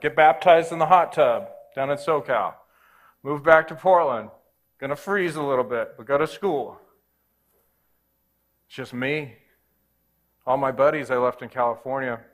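A man's voice: mid-range voice, a bit bright. A man preaching a sermon, telling his own faith story in a casual, earnest way. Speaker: pastor. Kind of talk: sermon testimony.

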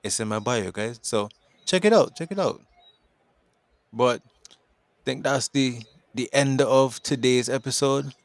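A man's voice: mid-range voice, unhurried, long pauses, no room sound. A man co-hosting a casual podcast chat, upbeat, easygoing and affirming. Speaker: podcast co-host.

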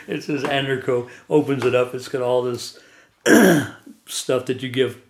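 A man's voice: mid-range voice, little pitch movement, measured pace. Chuckling man telling a long story. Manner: chuckles often while telling stories. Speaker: guest telling his life story. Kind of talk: rambling personal storytelling. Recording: echoey room.

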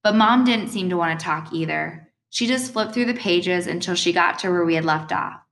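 A woman reads an audiobook aloud in a measured, gentle way. Her voice sits a little low and moves at a steady storytelling pace. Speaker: audiobook narrator. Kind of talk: scripted narration.

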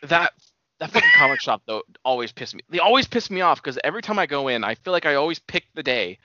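A man's voice: a little high, wildly swooping pitch, fast talker, very noisy. A young man chatting casually as a podcast co-host, ranting and swearing with lots of fillers. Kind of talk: casual chat. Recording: dull, dry lo-fi sound.

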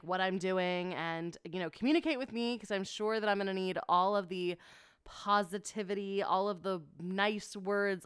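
A woman's voice: fairly low pitch, a bit bright, smooth, dry recording. A young woman hosting her own podcast, chatting emotionally with many fillers and giggles into a close mic. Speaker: podcast host. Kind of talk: casual solo podcast chat.

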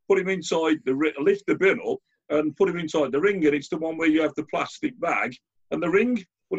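A man talks in a casual chat, his voice gravelly and a little husky. He tells stories with lively restarts. The audio is dull and lo-fi. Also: on the high side. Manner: animated storyteller, many restarts. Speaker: guest. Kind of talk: casual conversational anecdote.

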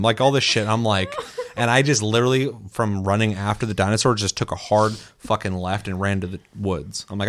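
A man chatting casually about a video game, telling a story with lots of swearing and animated quoting. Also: lowish voice, brisk. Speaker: co-host. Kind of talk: casual gaming chat.

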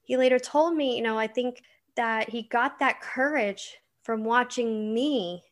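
A woman's voice: on the high side, unhurried. A middle-aged woman, an author being interviewed, telling personal stories in an earnest, chatty way and laughing often. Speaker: author guest. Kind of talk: casual interview chat.

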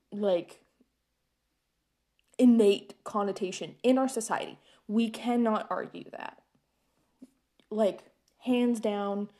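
A woman's voice: mid-range voice, warm tone. A young woman telling a story in a casual monologue, sarcastic, often laughing and filling her talk with "like".

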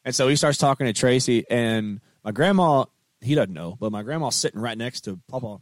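A man's voice: mid-range voice, expressive, fairly quick, no room sound. A man, a country musician, chatting casually and telling stories. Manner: laid-back storytelling with quoted voices. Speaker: guest musician. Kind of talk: casual chat.

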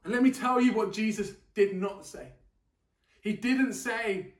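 A man's voice: high voice, a little slow. A man preaching a sermon in an earnest, emphatic way, repeating key phrases for weight. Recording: echoey room, mic at a distance.

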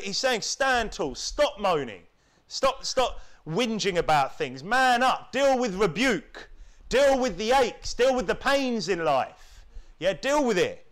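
High-voiced British preacher with tag questions. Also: male voice, big pitch swings, takes it slowly, a bit bright. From United Kingdom. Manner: rhetorical, keeps asking tag questions; mimics whining voices to mock them. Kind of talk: sermon.

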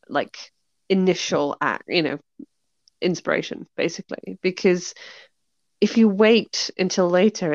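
A chatty British woman with a gravelly, slightly fried edge to her voice talks through a casual conversation, laughing often and acting out the reactions she quotes. The sound is dry and a little dull. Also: on the low side, dry recording. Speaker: author and podcast host. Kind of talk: casual chat.

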